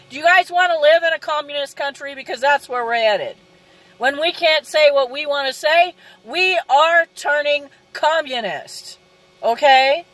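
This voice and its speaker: Angry high-voiced woman ranting. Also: fairly bright tone, low-quality recording. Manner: indignant, repeats "okay?" and asks rhetorical questions. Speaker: vlogger. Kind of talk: angry direct-to-camera rant.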